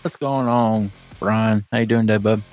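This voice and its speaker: A man co-hosting a live podcast, easygoing and relaxed as he chats. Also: on the low side, moderate pace, music in the background. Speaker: podcast co-host. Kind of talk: casual live podcast chat.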